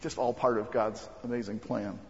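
A man's voice: fairly low pitch, level tone, a little mellow. Earnest male pastor in echoing hall. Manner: earnest, halting with frequent ums and restarts. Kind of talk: sermon. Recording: muffled recording with long hall reverb.

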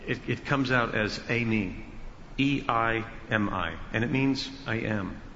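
A male pastor teaching an expository sermon, emphatic and building to loud peaks. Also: mid-range voice, unhurried, a little hiss or hum. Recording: dull reverberant hall sound.

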